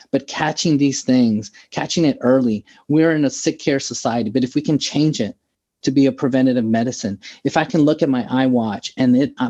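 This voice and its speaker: A man's voice: mid-range voice, mellow, dull audio. An American man, a doctor, giving an enthusiastic webinar talk in short, emphatic phrases. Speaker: doctor and AI expert speaking at a webinar.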